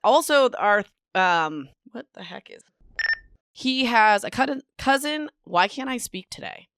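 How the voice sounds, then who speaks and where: A bubbly woman hosts a casual book podcast into a home microphone, with a smooth and clear voice. She laughs at herself and trips over words as she reads. The sound is close and dry, with no room echo. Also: fairly high pitch, lively intonation, slow, a bit bright. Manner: bubbly and self-mocking, stumbles over words while reading. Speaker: podcast host.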